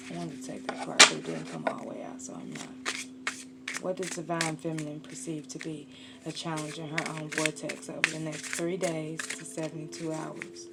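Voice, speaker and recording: A woman reads tarot cards in a loose, profane, chatty way, speaking straight to her listener. Her voice sits fairly low. There is clear noise under the recording. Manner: blunt, profane and animated. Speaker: tarot reader. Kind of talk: casual tarot reading.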